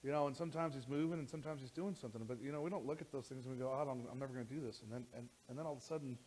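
A male pastor delivers a sermon in a church, moving from conversational passages to loud, emphatic bursts. His speech is full of restarts and repeated words, and his pitch sits in the middle. A faint hum of noise is heard behind him. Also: rapid-fire, low-quality recording. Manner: animated, rising to near shouting when worked up.

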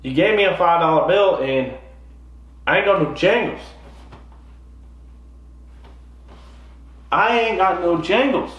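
A man impersonating a blunt woman who works as a golf-course cart attendant, speaking in a flat, matter-of-fact drawl. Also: on the high side, a little fast, roomy sound, distant mic, highs cut off, close to an everyday voice.

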